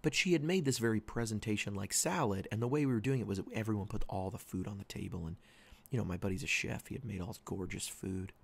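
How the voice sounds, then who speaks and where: A man in his thirties hosting a podcast, telling a rambling story and quoting his wife in a higher, louder voice. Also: fast talker, creaky, husky. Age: 30s. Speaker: podcast host. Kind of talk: casual monologue.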